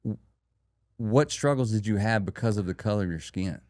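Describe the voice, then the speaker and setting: Male podcast host, low voice, earnest and emphatic delivery, dry studio sound. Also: expressive, normal speed, darkish tone, no room sound. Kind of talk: casual interview chat.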